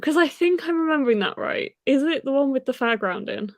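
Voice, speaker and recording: A chatty woman hosts a relaxed reading livestream, her voice sitting fairly high. She sounds excitable and giggly. She is recorded close and dry, with no room sound. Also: fairly quick, no echo. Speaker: host of a reading sprint stream. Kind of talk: casual livestream chat.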